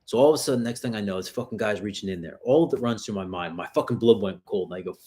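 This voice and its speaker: A man's voice: fairly low pitch, fast, dark tone. A man hosting a self-defense livestream, telling rambling street-fight stories in casual, profanity-heavy chat. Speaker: self-defense channel host.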